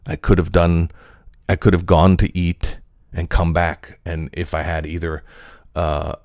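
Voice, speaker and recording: Low-voiced comedian guy rambling about his work, lots of ums, swears, dry close sound. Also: flat delivery, unhurried, a little mellow, no room sound. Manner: rambling, loose, profane, full of fillers. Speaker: comedian and actor. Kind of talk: casual reflective monologue.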